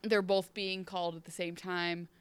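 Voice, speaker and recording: A woman's voice: on the low side, little pitch movement, moderate pace, clear, resonant tone. A woman co-hosting a podcast and recapping a TV episode in casual chat. She rambles, interrupts herself, and sounds wry and emotional.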